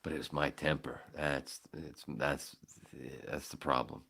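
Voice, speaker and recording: A man hosting a podcast, telling a story casually with lots of swearing and acting out his own shouting. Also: a bass voice, a little slow, breathy edge. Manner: profane, animated, acts out his own shouting. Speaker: podcast host.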